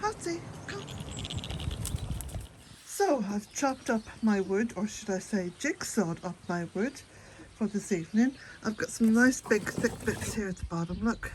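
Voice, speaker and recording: A woman's voice: medium pitch, normal speed, darkish tone, slight background noise. Chatty Irish woman, a bit breathless. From west of Ireland. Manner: chatty, rambling, laughs often. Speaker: cottage gardening vlogger. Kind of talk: casual chat to camera. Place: outdoors at a cottage garden and shed.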